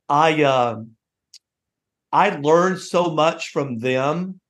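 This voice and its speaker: A man hosting a reminiscing conversation, telling stories in an animated way and laughing often. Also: fairly high pitch. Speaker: host.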